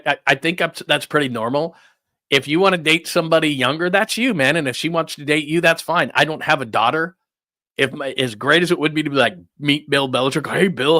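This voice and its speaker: Rambling incredulous middle-aged man, bright tone. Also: a little high, no echo, clean studio sound. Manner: rambling, incredulous, stammering restarts. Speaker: sports talk host. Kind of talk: casual sports talk rant.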